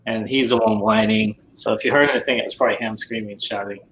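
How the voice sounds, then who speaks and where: A man's voice: fairly low pitch, steady tone, fast talker, a bit bright, slight background noise, poor audio. A man in casual chat on a video call, telling stories about his kids in a chatty way. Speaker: podcast guest.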